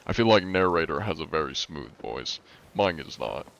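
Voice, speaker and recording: A man with a very low, slightly raspy voice chats casually on a live stream, talking in a flat monotone. His speech leans heavily on filler words. The audio sounds a little dull and lo-fi. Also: moderate pace. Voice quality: raspy-ish, not smooth.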